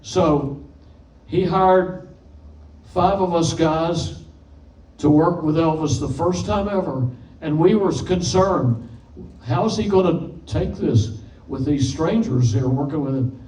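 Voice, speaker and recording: A man's voice: a little high, takes it slowly, darkish tone. A man in his eighties, a session musician guest, telling stories in a folksy, plain-spoken way on a panel stage. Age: 80s. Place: event stage before an audience. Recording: distant echoey hall mic with faint noise.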